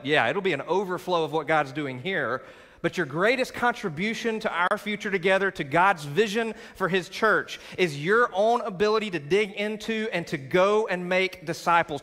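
A man's voice: sits high, bright, forceful tone. Man preaching in an echoing sanctuary. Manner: preaching with rising emphasis and call-and-response. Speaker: pastor. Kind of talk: sermon. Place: large church sanctuary. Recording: sanctuary with long reverb.

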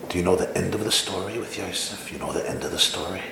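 A man's voice: deep voice, quick pace, creaky, few pauses. A man, a rabbi, tells a story in a lecture to a staff audience and keeps asking them questions. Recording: echoey room, faint room noise.

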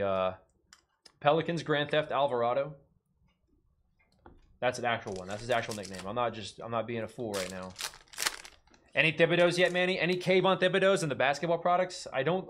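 A man's voice: medium pitch, fairly bright tone. A man hosting a live card break, rattling off card names and joking between pulls.

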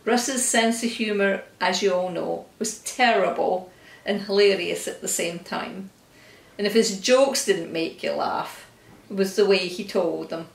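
Older woman, gravelly and roomy. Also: medium pitch, measured pace. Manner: fond, gently humorous, often breaks into laughter. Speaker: friend giving a memorial tribute. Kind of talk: recorded video message. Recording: roomy, from a distance.

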